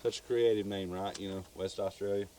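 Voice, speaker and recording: A man's voice: lowish voice, fairly even intonation, a little fast, heavy background noise. A man with a Southern US accent, co-hosting a podcast and casually telling a true crime story. He rambles, repeats words and swears freely.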